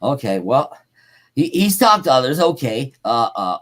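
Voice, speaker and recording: A man's voice: medium pitch, sing-song, measured pace, a bit bright. A man hosting a podcast, reading encounter reports aloud, stumbling over words and adding casual jokes between sentences.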